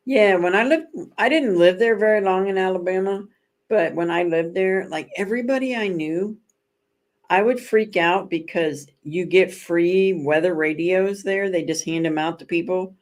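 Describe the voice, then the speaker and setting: Rambling, expressive woman chatting with viewers. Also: on the low side, normal speed. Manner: rambling, self-correcting storyteller. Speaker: livestream host. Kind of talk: casual chat with viewers.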